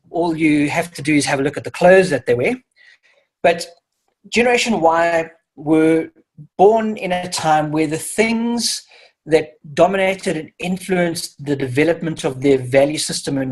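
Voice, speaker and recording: A middle-aged man, a professional speaker giving a webinar talk over a video call and telling lively stories to make his points. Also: fairly high pitch. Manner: storytelling, lively examples.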